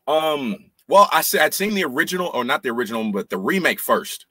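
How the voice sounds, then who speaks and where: A man's voice: on the high side, very animated, fairly quick, bright, forceful tone, husky, no echo. A man, a podcast guest, talking about a film hesitantly and repeating his words. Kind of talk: casual movie review chat.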